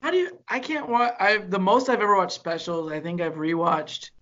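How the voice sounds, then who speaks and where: On a casual comedy podcast he co-hosts, a man tells profane stories with animation, acting out the people in them with quick voices. His voice is high and the recording sounds muffled.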